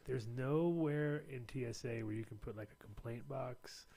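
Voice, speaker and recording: Casual American male host, mid pitch, gravelly texture, loose rambling delivery. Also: warm tone. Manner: rambling storyteller, quick to laugh. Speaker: show host. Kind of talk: casual chat.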